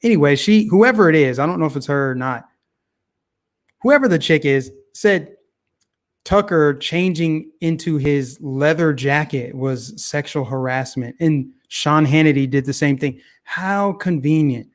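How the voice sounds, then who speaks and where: A fairly high-voiced man speaks a little slowly as he hosts a casual talk show. He delivers opinionated, animated political remarks, repeating phrases often.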